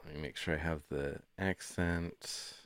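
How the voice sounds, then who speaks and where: A young man co-hosting a comedy podcast, talking in a casual, deadpan, drawn-out way. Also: rumbling low, no echo, studio quality. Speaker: podcast co-host.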